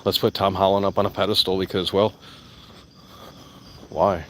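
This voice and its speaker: A man with a deep, slightly bright voice that barely shifts in pitch rants at a moderate pace while vlogging among plants outside. Faint crickets, insects, and a little background noise sit behind his blunt, profane, rambling talk, which circles back on itself repeatedly.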